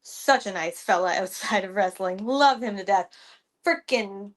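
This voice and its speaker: A woman who wrestles, guesting on a podcast and telling stories in an animated way, full of "like". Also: mid-range voice, normal speed. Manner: animated storytelling, heavy use of "like". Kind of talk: casual podcast chat.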